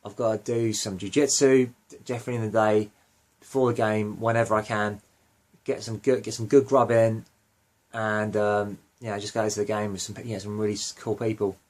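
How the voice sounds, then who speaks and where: A man's voice: on the low side, flat delivery, moderate pace, darkish tone. A young man hosting a fan podcast, rambling casually with lots of fillers and self-corrections. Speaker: podcast host.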